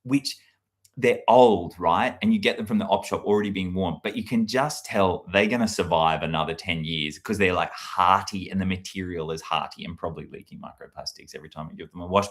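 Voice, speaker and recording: A man talks in a loose, rambling way, full of fillers and sudden tangents. His voice sits low, and he hosts the chat in a casual tone. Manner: meandering, animated, lots of fillers, jumps to shrill put-on quotes. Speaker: livestream host.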